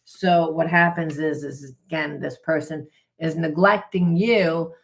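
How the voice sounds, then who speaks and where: Low-voiced woman giving a tarot reading. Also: fairly even intonation, a little slow, gravelly. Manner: earnest, conversational, repeats herself. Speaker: spiritual coach and tarot reader. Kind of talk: casual tarot reading monologue.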